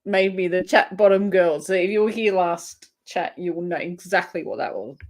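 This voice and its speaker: A woman's voice: on the low side, moderate pace, darkish tone. An Australian woman hosting a casual livestream, giggling often and chatting as she reads viewer comments aloud. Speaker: crochet livestream host. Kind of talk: casual live-chat banter.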